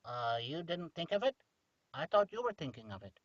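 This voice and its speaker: A man's voice: on the high side, big pitch swings, no echo, lo-fi sound. A man hosting a podcast, rambling playfully through an improvised comic chat. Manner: playful, rambling, quick to joke. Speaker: podcast host.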